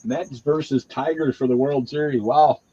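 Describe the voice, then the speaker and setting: A man with a husky voice co-hosting a live card break, chatting and relaying viewer comments. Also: mid-range voice, steady tone, moderate pace, warm tone, lo-fi sound, slight background noise. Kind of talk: live stream chat.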